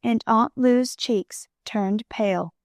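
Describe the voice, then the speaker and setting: Woman, audiobook narrator, children's storybook, gentle, clear, slightly high voice, dry sound. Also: takes it slowly, dry recording.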